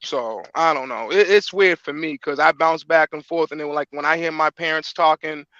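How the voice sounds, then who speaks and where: Casual male guest, rambling and filler-heavy, bright tone, dry close sound. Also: fairly high pitch, normal speed, dry recording, lo-fi sound. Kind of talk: casual chat.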